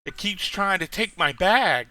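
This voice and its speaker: A man voicing an irritable little female halfling with snappy, high-pitched outbursts in a tabletop game. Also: expressive, a little slow, sharp tone, heavily acted. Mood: flustered.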